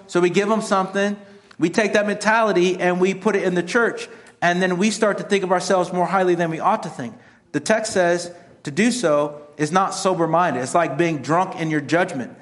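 High-voiced pastor preaching with humor. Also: male voice. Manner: conversational, self-mocking humor mixed with earnest exhortation. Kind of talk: sermon. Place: church sanctuary.

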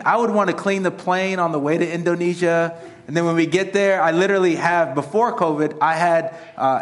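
A middle-aged man preaching a sermon in a noticeably high voice. He talks like a pastor chatting with his congregation, slipping from self-deprecating jokes into earnest exhortation. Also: fairly bright tone. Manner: conversational, self-mocking humor mixed with earnest exhortation. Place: church sanctuary.

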